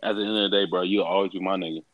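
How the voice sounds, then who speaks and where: A man's voice: deep voice, steady tone, very fast, dry recording, lo-fi sound. A man in casual chat, laid-back and joking. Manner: laid-back, laughing banter.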